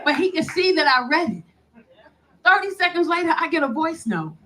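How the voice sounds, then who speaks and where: A woman doing stand-up comedy, telling a story in an animated way to a live audience. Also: extremely high pitch, moderate pace, background noise. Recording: loud live club audience.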